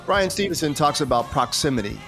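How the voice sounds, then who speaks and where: A man hosting a faith interview, reflective and halting, with many restarts and fillers. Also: a little high, expressive, a bit bright, soft background music. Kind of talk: conversational interview.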